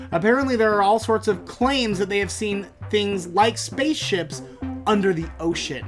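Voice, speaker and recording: A podcast host telling comic stories in an animated, jokey way. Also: male voice, normal speed, soft background music. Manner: animated, jokey, rises in pitch when excited. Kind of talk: comic storytelling.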